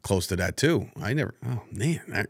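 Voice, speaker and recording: A man's voice: on the low side, sing-song, normal speed. Joking, swearing man with a wildly swinging voice. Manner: joking, swears a lot, loud bursts of laughter. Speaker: podcast host. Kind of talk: casual chat.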